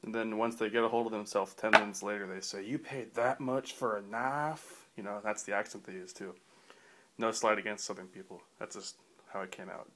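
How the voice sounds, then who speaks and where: A man's voice: fairly low pitch, flat delivery, fast talker, bright, forceful tone. A man giving a casual knife review in a rambling way, full of fillers and restarts, with dry offhand humor.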